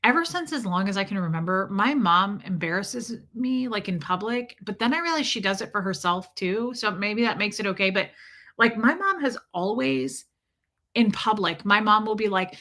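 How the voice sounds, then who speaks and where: A woman's voice: medium pitch, lively intonation, normal speed, bright, forceful tone. A woman hosting a casual livestream, rambling through a story and greeting viewers by name mid-sentence. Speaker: livestream host.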